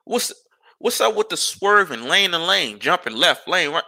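A man's voice: high voice, very animated, normal speed, sharp tone. A man hosting a podcast, ranting casually and with exasperation, firing off rhetorical questions and curses. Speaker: podcast host.

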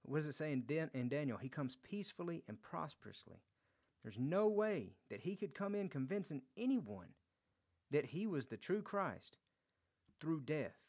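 A man's voice: on the high side, sing-song, normal speed, darkish tone. A man leading a verse-by-verse Bible study, reading scripture aloud and explaining it in a conversational way, often repeating words and restarting phrases. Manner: reads scripture aloud, then explains it conversationally with acted quotes. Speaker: Bible teacher.

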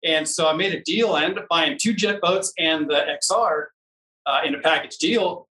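A man tells a long, rambling story in a bright, forceful voice, stopping often to hunt for words. His voice sits a little high for a man and bounces around a roomy space, picked up from some distance off the mic. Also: normal speed. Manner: rambling, searches for words, acts out quoted dialogue. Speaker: off-road racer. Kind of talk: casual storytelling.

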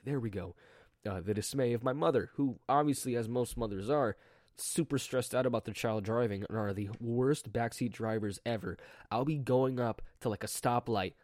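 A teenage boy with a rough, strained throat, chatting casually on his own in a rambling, joking way, full of restarts and self-corrections. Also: fairly low pitch, a little mellow, no room sound, studio quality. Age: teens. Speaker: podcast diarist. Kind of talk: casual solo vlog chat.

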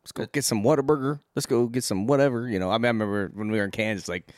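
A man's voice: medium pitch, fairly even intonation, very fast, a little mellow, no echo, clean studio sound. A man co-hosting a podcast, talking in loose, joking banter with a lot of swearing. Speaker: podcast co-host. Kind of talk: casual chat.

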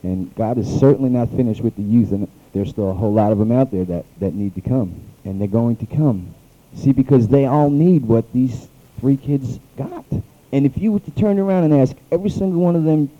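A man's voice: medium pitch, fairly quick, warm tone, muffled recording. A man leading a youth revival, speaking to a church congregation in a fervent, plain-spoken way.

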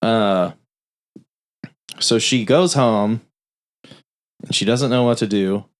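A man casually recapping a film's plot on a podcast, swearing freely and acting out the characters' lines. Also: fairly low pitch. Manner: loose, profane plot recap with quick voiced-out quotes. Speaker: podcast host recapping a film. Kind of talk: casual film review chat.

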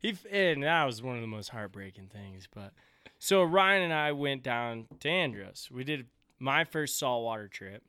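A man's voice: mid-range voice, normal speed, clear, resonant tone, dry recording. A man hosting a podcast in casual chat, telling stories with energy, acting out quoted dialogue and swearing freely. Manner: animated storyteller, acts out quotes, swears freely. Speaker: podcast host.

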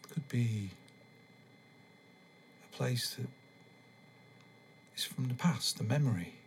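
A man putting on the slow, breathy voice of a soothing relaxation-tape guide in a whispered role-play. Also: medium pitch, slight background noise.

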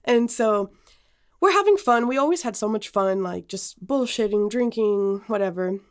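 A woman's voice: mid-range voice, moderate pace, clear, resonant tone. A young woman co-hosting a podcast, telling a personal story in casual chat, full of fillers and restarts. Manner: animated storytelling with many fillers. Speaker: podcast co-host.

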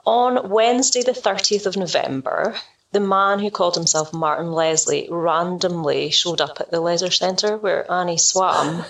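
A woman co-hosting a podcast, retelling a case in a relaxed, conversational way. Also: lowish voice, moderate pace, far from the mic, rough recording. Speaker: podcast co-host telling the case. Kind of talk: casual storytelling chat.

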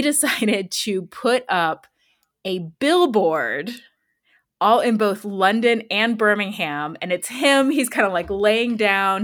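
A woman's voice: mid-range voice, a bit bright, no room sound, clean studio sound. A woman co-hosting a podcast, recounting a news story in a rambling, giggly, casual way. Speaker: podcast co-host.

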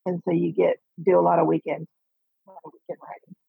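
A woman's voice: fairly low pitch, little pitch movement, fast talker, vocal fry, slightly rough, no echo, phone-quality sound. A woman author from Texas, a guest on a casual interview, friendly and teasing as she talks. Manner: friendly, teasing, laughs at herself.

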